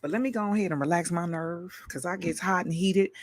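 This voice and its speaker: A tired woman hosting a live stream, delivering a fiery, profane rant full of rapid-fire repetition. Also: on the low side, no room sound.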